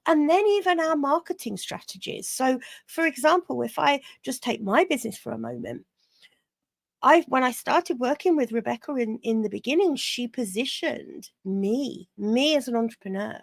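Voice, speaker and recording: A woman, a business coach, talks through ideas in a casual podcast chat. Her voice has a gravelly, creaky texture, and she keeps restarting sentences as she goes. The sound is dry and close, with no room around her. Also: high-pitched, moderate pace, no room sound. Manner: chatty, self-correcting, laughs easily.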